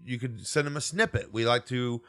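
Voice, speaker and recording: A man's voice: mid-range voice, a little fast, pushed and bright. A man co-hosting a casual podcast, jokey and rambling with fillers as he signs off. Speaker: podcast co-host. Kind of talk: casual chat.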